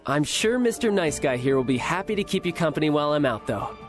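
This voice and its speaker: Guy voicing a chill confident young game dude, teasing and smooth, lively tone. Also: fairly high pitch, quick pace, natural voice. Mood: friendly. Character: confident young man, breezy older brother type. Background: faint game music.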